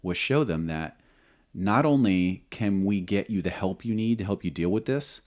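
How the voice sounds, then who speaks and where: A man's voice: sits low, normal speed, a little mellow. A man speaking earnestly on a faith podcast, reasoning step by step about asking for help. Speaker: podcast co-host, former squadron commander. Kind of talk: reflective faith talk.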